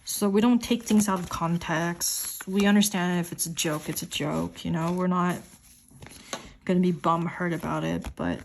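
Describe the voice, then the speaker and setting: A woman's voice: lowish voice, fairly even intonation, moderate pace, vocal fry, slight background noise. A young woman chatting in a voiceover while she sets up a planner, rambling and filling her sentences with "like". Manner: rambling, says "like" constantly; quotes her partner in a raised voice. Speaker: planner vlogger.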